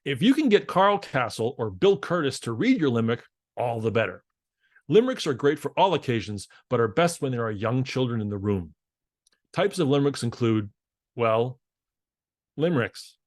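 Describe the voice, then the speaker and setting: Brief: man, mid-pitched, sardonic deadpan comic essayist. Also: normal speed. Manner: dry, sardonic, deadpan list delivery. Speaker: comedic presenter. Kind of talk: deadpan comedic essay reading.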